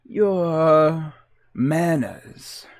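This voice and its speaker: A man voicing a tough male mob enforcer who threatens slowly. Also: fairly high pitch, dry recording, clean studio sound, voice pushed up. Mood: menacing. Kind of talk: comic impression on a livestream.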